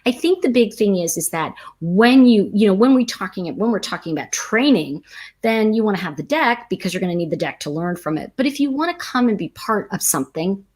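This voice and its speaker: A woman who teaches tarot chats casually on a livestream, telling animated stories that drift into tangents and answering viewer comments. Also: medium pitch, fairly quick.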